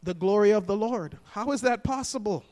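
A man's voice: high voice, fairly quick, darkish tone. A man preaching a sermon to a congregation, emphatic and repeating key phrases for them to echo. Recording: long reverb of a hall.

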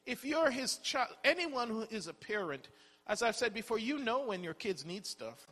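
A man delivers a sermon in a high, bright voice. He preaches conversationally, asking rhetorical questions and repeating words as he builds his points. The voice rings out with a long reverb, as if in a large hall. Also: sing-song, moderate pace, slightly rough.

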